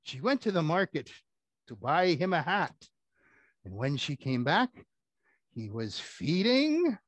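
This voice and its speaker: A man's voice: fairly high pitch, very animated, slow pace, dry recording. A man performing a children's puppet show, telling rhymes in a playful, theatrical way. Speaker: puppeteer and storyteller.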